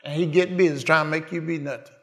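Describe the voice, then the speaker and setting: A man's voice: on the high side, fairly even intonation, fast, fairly bright tone. A man preaching a sermon in a call-and-response way, asking the congregation questions and answering them.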